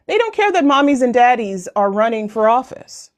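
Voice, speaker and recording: A talkative American woman in her forties hosts a live online town hall over a video call. She chats and jokes her way along in a fairly high voice, swinging her pitch up and down. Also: big pitch swings, normal speed. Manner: chatty, joking, rambling. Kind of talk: casual livestream chat.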